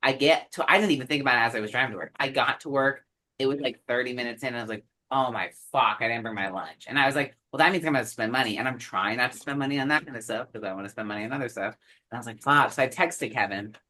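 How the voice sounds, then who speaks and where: A woman co-hosting a casual chat, animated, laughing often and swearing freely. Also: rumbling low, fast. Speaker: podcast co-host.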